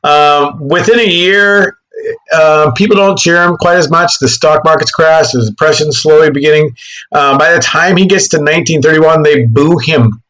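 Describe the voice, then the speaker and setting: Lively man teaching history. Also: a little high, moderate pace, rough recording. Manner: animated, joking asides, self-corrects. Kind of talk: classroom history lecture.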